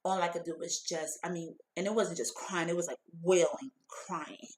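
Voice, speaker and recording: A woman's voice: lowish voice, moderate pace, a little mellow, rough recording. A middle-aged woman giving a heartfelt, emotional personal testimony, talking loosely with lots of "like" and "you know". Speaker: founder of a women's empowerment group.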